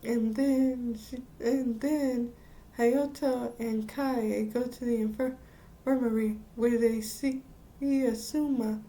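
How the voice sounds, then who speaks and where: A woman recaps an anime episode in a casual, rambling way, stopping mid-word and starting over. Her voice is high and mellow, and she speaks at an unhurried pace. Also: steady tone. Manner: rambling with frequent restarts and laughs. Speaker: anime reviewer.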